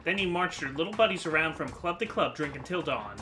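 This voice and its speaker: A man's voice: a little high, lively intonation, fast talker, sharp tone, faint music behind. Man doing a brash, taunting woman debt collector.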